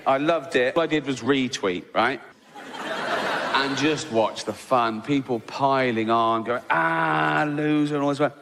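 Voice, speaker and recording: A man's voice: mid-range voice, unhurried, a bit bright, big-room sound, a little hiss or hum. A man with an English accent doing a stand-up routine, telling stories loosely and profanely and tagging lines with "right?", recorded live in a comedy venue. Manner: loose, profane storytelling with constant "right?" tags.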